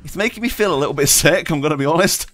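A man's voice: fairly high pitch, racing, fairly bright tone, slight background noise. A man hosting a gaming video, chatting casually and rambling while he plays, laughing often and talking to himself. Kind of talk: casual gameplay commentary.

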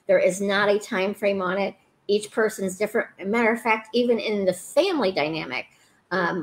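A woman's voice: lowish voice, rough recording. A woman hosting a live online chat, talking in an earnest, thoughtful way and often restarting her sentences. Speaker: host.

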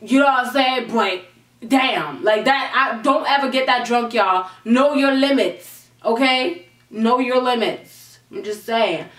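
A young woman vlogger telling a storytime in an animated, slangy way, swearing freely. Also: on the high side, a little slow. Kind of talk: storytime vlog. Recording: echoey room, mic at a distance.

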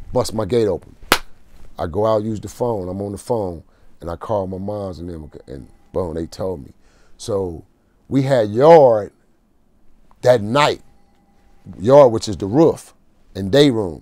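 A man guest in an interview, telling a gritty jail story in casual street slang, often going quiet. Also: lively intonation, normal speed, pauses often, no room sound. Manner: street slang, emotional prison storytelling, drops to a low murmur.

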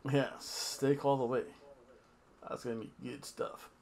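A man's voice: mid-range voice, steady tone, measured pace, creaky, darkish tone. A man hosting a casual wrestling review, talking in a rambling, offhand, jokey way with asides. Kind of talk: casual wrestling recap chat.

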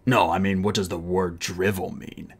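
A man voicing a dim-witted hulking male henchman, slow and dull. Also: low voice, level tone, breathy edge. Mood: annoyed.

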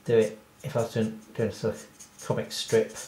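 A man's voice: fairly low pitch, completely flat delivery, a little fast, warm tone. A man, a cartoonist, talking through a casual drawing tutorial in a rambling, self-deprecating way and laughing at his own jokes. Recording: roomy echo.

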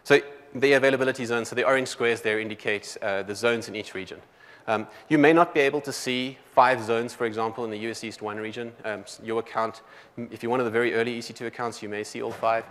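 A man with a South African accent giving a technical conference talk, talking quickly with many fillers and restarts. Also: medium pitch, steady tone, a bit bright, long reverb tail. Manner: quick, loose delivery full of "um" and restarts. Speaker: conference presenter. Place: large conference hall.

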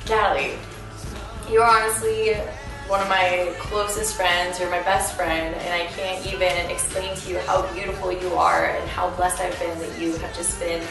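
A woman's voice: fairly low pitch, little pitch movement, moderate pace, creaky. Giggly young woman in an echoey room. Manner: gushing, giggly, full of fillers. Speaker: interviewer and friend giving a birthday tribute. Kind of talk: casual birthday video message. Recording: very echoey room, far from the mic, music playing.

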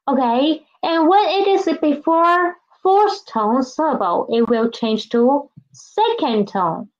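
Slow, patient woman teaching a language lesson. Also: high-pitched, expressive. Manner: slow, patient, repeats each example and checks with "right?". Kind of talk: recorded online language lesson. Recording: dull lo-fi recording.

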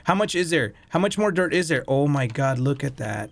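A man giving casual, joking commentary while playing a cleaning game, excitable and talking to the objects on screen, mixing Spanish words into his English. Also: high-pitched, moderate pace, hardly any pauses, slight background noise. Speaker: gaming video creator.

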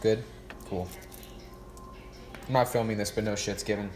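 A man's voice: on the low side, steady tone, unhurried, a little mellow, faint music behind. A man hosting a casual livestream, joking and mocking himself with lots of swearing while he cooks. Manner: profane, joking, self-mocking.

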